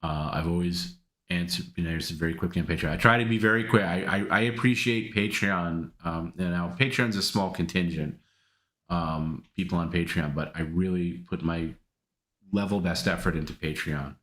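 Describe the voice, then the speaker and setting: A man's voice: sits low, normal speed, fairly bright tone, reverberant. A man hosting a live stream, casually answering viewer comments in a rambling way with many restarts.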